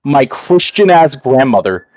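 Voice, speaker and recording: A young man spins a long tale on a podcast, mid-pitched and recorded close and dry. He rambles casually, swears freely and keeps filling pauses with "uh" and "like". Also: sing-song, darkish tone, dry recording. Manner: rambling and profane, full of fillers. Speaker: podcast host. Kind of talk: casual storytelling chat.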